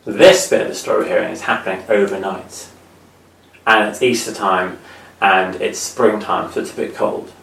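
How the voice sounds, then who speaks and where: Man, preacher, gravelly voice, chatty storytelling, echoey room. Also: on the low side, far from the mic. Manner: conversational, animated storytelling, dropping to a hush for emphasis. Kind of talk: children's sermon retelling a Bible story.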